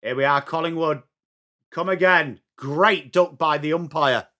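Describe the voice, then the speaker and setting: An English man hosting a fan watchalong, chatting through the match as live fan commentary and breaking into shouts at big plays. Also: on the high side, unhurried. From England.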